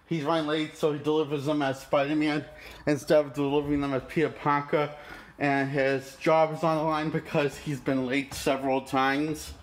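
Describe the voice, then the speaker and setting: Guy ranting about a movie, swears a lot, kinda higher voice, rambles. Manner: profane, rambling and indignant. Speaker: movie critic.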